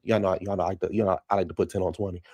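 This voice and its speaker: A man's voice: low-pitched, flat delivery, very fast, darkish tone, slightly rough. A man giving casual commentary, recapping reality TV in a chatty, incredulous way with lots of rhetorical questions.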